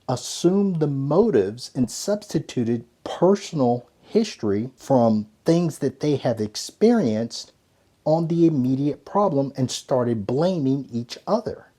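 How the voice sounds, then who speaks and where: A man giving a motivational leadership lesson, emphatic and conversational, swinging between loud stresses and hushed asides. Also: medium pitch, breathy edge. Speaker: ethics and leadership coach. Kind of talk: motivational teaching talk.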